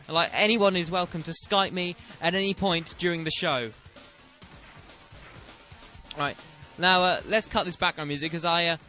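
A bright, forceful young voice sitting slightly high for a man. He is a teenage host running a homemade radio show, and he chats loosely and jokily while making fun of himself. Soft music plays behind him. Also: dry recording. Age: late teens. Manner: jokey, rambling and self-mocking. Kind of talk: comedic casual radio chat. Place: small home studio. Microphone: webcam and studio mic.

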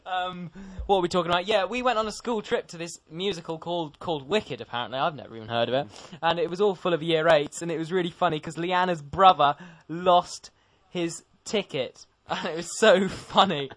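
A man's voice: on the high side, brisk, hardly any pauses, fairly bright tone, dry recording. A teenage boy co-hosting a casual comedic chat show, jokey and playful. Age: teens. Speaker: co-host.

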